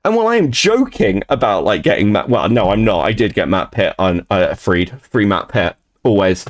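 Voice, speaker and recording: A man's voice: fairly low pitch, big pitch swings, normal speed. A man streaming live, ranting casually and profanely about online drama.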